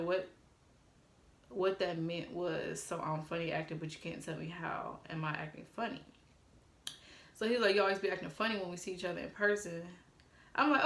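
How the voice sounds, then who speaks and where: A woman with a fairly low voice tells a casual storytime into her phone, swearing freely. She reads text messages aloud as she goes. The room gives her voice a noticeable echo. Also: a little fast, creaky. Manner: animated, quotes texts aloud, swears freely. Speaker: vlogger.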